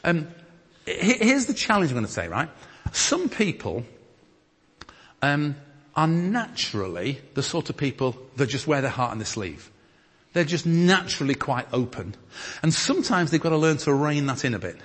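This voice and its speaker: A man from northern England preaching and leading group discussion in a church hall, lively and emphatic as he reads scripture. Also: a little high, moderate pace, husky. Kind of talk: teaching sermon with group discussion. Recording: long hall reverb.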